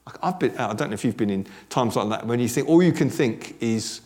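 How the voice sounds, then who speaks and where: A man preaching a sermon in a conversational, animated way, dropping joking asides to a congregation that answers back. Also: medium pitch, fairly quick. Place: church service with congregation responding.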